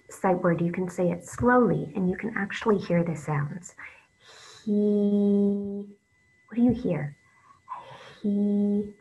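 Slow, patient woman teaching phonics. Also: lowish voice, husky, highs cut off. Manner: slow, patient, drawn-out letter sounds, soft whispered asides. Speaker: reading teacher. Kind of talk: online phonics lesson.

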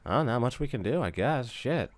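A man's voice: mid-range voice, expressive, normal speed. A man giving casual, rambling and wry commentary while playing a game. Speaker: let's play host.

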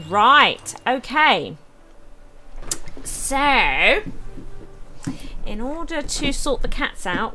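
Unhurried, chatty woman playing a game. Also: sits high, bright, forceful tone. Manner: chatty, thinks aloud, exclaims often. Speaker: let's play host. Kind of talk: casual game commentary.

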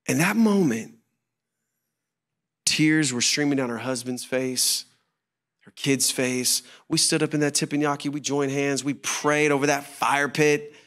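A man's voice: a little high, measured pace, a bit bright. A man, a pastor, preaching a sermon and telling a personal story, acting out voices and dropping to a whisper at tender moments.

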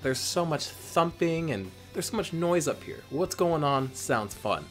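A man doing a naive little worm, wide-eyed and chatty, wondering about all the noise above ground. His voice swings up and down, lively and animated, with faint game music behind. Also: fairly high pitch, unhurried. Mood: curious.

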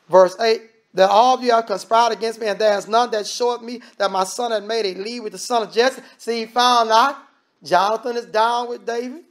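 A man's voice: high-pitched, lively intonation, normal speed, gravelly. A man preaching a sermon in a conversational, emphatic way, repeating phrases and adding asides to the congregation.

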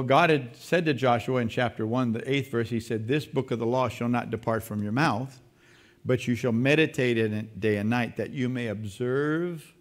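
A male pastor preaching an animated sermon. His voice rises for emphasis and drops low and quiet when he speaks for God or tells a story. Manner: animated preaching, rising in pitch and volume. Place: church sanctuary.

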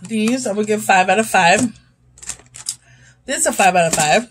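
A woman's voice: mid-range voice, moderate pace, a little hiss or hum, poor audio. A young woman chatting casually as she tastes and rates snacks, sometimes talking with her mouth full. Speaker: YouTube host. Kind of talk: casual snack review vlog.

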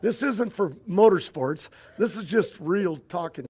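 An older man, a drag racing team owner, telling stories in a casual interview, halting and often repeating himself as he restarts. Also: high voice, animated, darkish tone, slightly rough.

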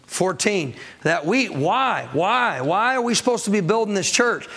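A man's voice: sits high, expressive, a little slow, fairly bright tone. A man preaching a sermon as pastor of a church, calling out to the congregation for answers and acting out people's excuses. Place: church sanctuary.

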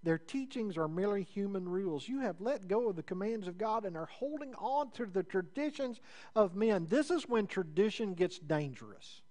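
A man preaching a sermon in a conversational way, building up with rising emphasis and then dropping into low, quiet asides. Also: expressive, normal speed. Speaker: pastor.

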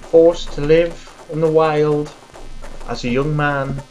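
A woman's voice: sits low, steady tone, slow pace, darkish tone, muffled recording, a little hiss or hum. A woman reviewing a game, rambling and swearing at it as she plays. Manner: mutters and swears at the game, self-deprecating. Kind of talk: rambling gameplay commentary.

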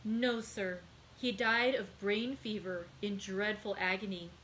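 A woman reading the part of a calm, resolute young male sailor in a read-aloud book, in a plain reading voice. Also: medium pitch, a little slow, a little hiss or hum, lightly acted, low-quality recording. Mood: sorrowful.

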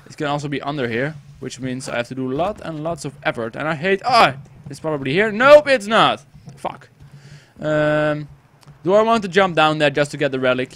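An eighteen-year-old man with a Dutch accent doing let's play commentary, excitable and rambling, swearing a lot. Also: on the high side, moderate pace. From Netherlands. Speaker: gaming YouTuber.

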